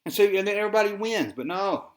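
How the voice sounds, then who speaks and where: A man's voice: high voice, expressive, quick pace. Rambling Southern man with sighs. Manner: rambling, sighing, ranting. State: dry mouth. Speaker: toy collector podcast host. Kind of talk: rambling solo podcast.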